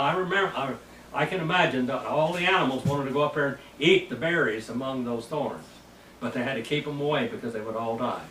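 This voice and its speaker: A hoarse man teaching a slow, deliberate Bible lesson, sounding out Hebrew words syllable by syllable. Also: mid-range voice, fairly bright tone, roomy sound, far from the mic, a little hiss or hum, poor audio. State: hoarse, losing his voice.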